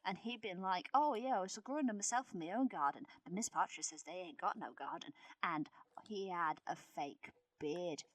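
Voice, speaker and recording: A woman's voice: on the low side, normal speed, dry recording, pitched below the performer's own voice, lightly acted, rough recording. A woman voicing a sly country villager who spreads gossip in a conspiratorial way. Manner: conspiratorial, folksy storyteller. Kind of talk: improvised character play.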